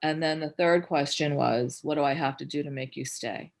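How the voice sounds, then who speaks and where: A middle-aged woman from New Jersey, a filmmaker guest in a candid interview, blunt and quick to swear, acting out the people in her stories. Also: sits low. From Newark, New Jersey, USA. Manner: blunt, swears freely, animated storytelling with voiced quotes.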